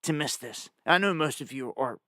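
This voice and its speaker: A man's voice: medium pitch, expressive, normal speed, pushed and bright, no echo, studio quality. A man hosting a live news stream, talking urgently and emphatically straight at his viewers and reading lists of places off the screen. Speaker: live news show host.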